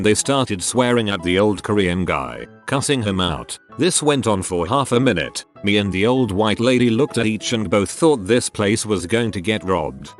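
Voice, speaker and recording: A man narrating online stories aloud, lively, dropping his voice low when quoting people.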